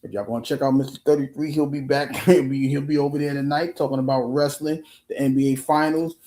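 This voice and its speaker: A man's voice: mid-range voice, steady tone, fast, dark tone, reverberant. A man talking earnestly on his own livestream, restarting his sentences often and swearing casually. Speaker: live streamer. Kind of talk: casual motivational livestream talk.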